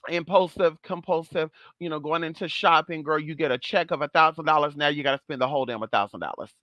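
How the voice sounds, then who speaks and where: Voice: medium pitch, fast talker, fairly bright tone, no echo. A vlog host talking casually and sassily, swearing freely and calling viewers "girl" and "honey". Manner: sassy, profane, chatty, calls viewers girl and honey. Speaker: channel host.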